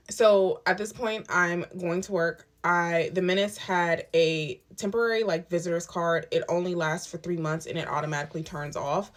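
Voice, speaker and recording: A woman's voice: on the low side, normal speed. A woman in her twenties, emphatic and candid, telling her own story in a storytime vlog and acting out what others said. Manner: emphatic and candid, retelling events with quoted dialogue.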